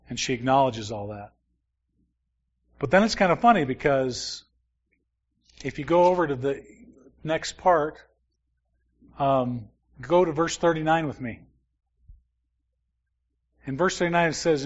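A man's voice: a little high, lively intonation, normal speed, long pauses, lo-fi sound. A man teaching a Bible study in a conversational way, often asking his listeners questions and reading from scripture. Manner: conversational, asks the class questions.

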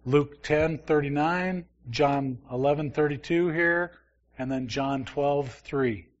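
A man's voice: a little high, slow, muffled recording. Conversational man teaching a Bible class. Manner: conversational, asks the class questions.

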